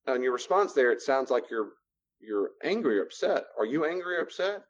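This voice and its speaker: A man's voice: mid-range voice, very animated, fairly quick, highs cut off. A man teaching a class on personal boundaries in a conversational lecture style, repeating phrases for emphasis. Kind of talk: classroom lecture with role-play.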